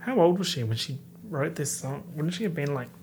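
A man in his late twenties talks through rap lyrics in a casual, excitable way. He jumps between hushed whispered asides and sudden loud outbursts of surprise. A light hiss of noise sits under his voice. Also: on the high side, fairly quick. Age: late 20s. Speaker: host. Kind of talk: casual lyric breakdown commentary.

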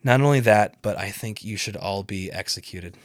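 A man's voice: on the low side, moderate pace, no echo, studio quality. A young man hosting a podcast, delivering a rambling, profane rant that keeps getting sidetracked. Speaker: podcast host. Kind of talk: casual ranting monologue.

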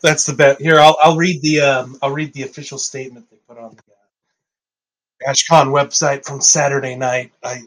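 A man's voice: medium pitch, flat delivery, normal speed, rough recording. A man hosting a casual podcast chat, joking and reading aloud in a mock-formal, sarcastic voice. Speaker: podcast host.

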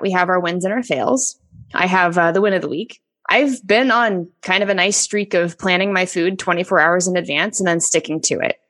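A woman's voice: on the low side, fairly bright tone. Upbeat woman podcast co-host. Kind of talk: podcast chat.

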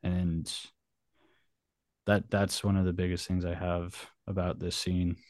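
A man talking as a podcast guest, swearing freely and telling animated stories in casual chat. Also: low voice, measured pace, no room sound. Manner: profane, animated storyteller.

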